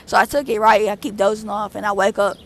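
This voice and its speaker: A woman's voice: medium pitch, fast, a little hiss or hum. A young adult woman vlogger telling a story in a casual, rambling way, full of fillers. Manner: rambling, animated, with many fillers.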